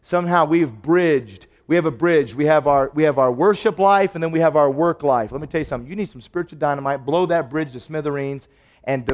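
A man preaching a sermon, telling stories and acting out the dialogue, his voice swinging from loud to hushed. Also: a little high, a little fast, in a large hall, lo-fi sound. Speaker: pastor. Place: church sanctuary.

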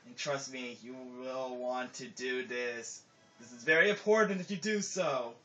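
Over game music in a dull lo-fi recording, a let's play commentator talks unhurriedly in a pushed, bright mid-range voice. His casual commentary wanders, packed with filler and sentences he often abandons halfway.

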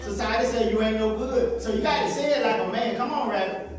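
A man's voice: high-pitched, heavy background noise. Southern man preaching call-and-response. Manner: exhorting, rhythmic, drawn-out phrases. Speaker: pastor. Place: church sanctuary. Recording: echoey church hall from far off with congregation.

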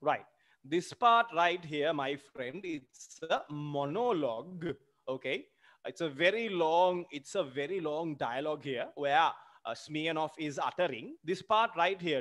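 A man with a fairly high voice teaches an English literature seminar. He walks through the text line by line, defining terms patiently and checking in with his students as he goes. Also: lively intonation, a little slow, a bit bright. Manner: explains terms patiently, tags lines with "okay?" and "my friend". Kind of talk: explaining a play in a seminar.

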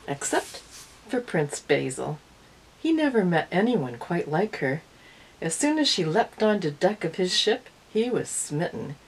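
Husky woman reading a picture book. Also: lowish voice, unhurried, poor audio. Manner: expressive read-aloud. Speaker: early-years storyteller.

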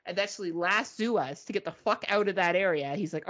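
A woman co-hosting a podcast, telling a story in casual chat, animated and swearing, mimicking beeps. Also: medium pitch, fairly quick. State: arm in a sling. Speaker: podcast co-host.

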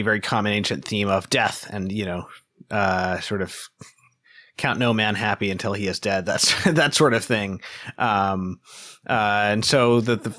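A man hosting an interview podcast, speaking in a hesitant, halting way. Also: on the low side, fairly bright tone. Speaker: podcast host. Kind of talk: interview conversation.

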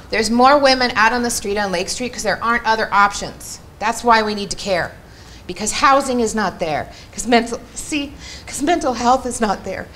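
A woman's voice: a little high, a bit bright, a little hiss or hum. A woman presenting at a community workshop, speaking earnestly and emphatically to a live audience and often checking in with "right?". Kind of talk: impassioned public talk. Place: meeting room with a live audience. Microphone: microphone.

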